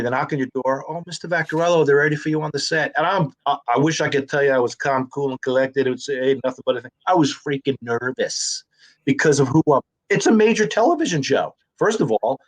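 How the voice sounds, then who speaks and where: A man, an actor and comedian telling stories in a casual conversation and acting out the dialogue. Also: medium pitch. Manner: animated storyteller who acts out quoted dialogue.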